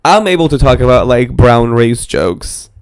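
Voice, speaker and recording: Brief: a podcast co-host, a man with a smooth voice who hedges and rambles in casual chat. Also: medium pitch, sing-song, moderate pace. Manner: rambling, hedging, lots of "like".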